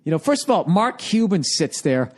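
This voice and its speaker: A man's voice: sits high, big pitch swings, normal speed. A middle-aged man hosting a podcast, rambling profanely in casual chat and slipping into goofy voices to mimic people. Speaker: podcast host.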